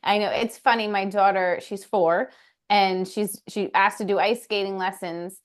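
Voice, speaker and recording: A woman's voice: medium pitch, moderate pace, smooth. A woman in her thirties, a therapist guest on a podcast, talking animatedly in casual conversation. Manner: warm and animated, tells stories about her kids.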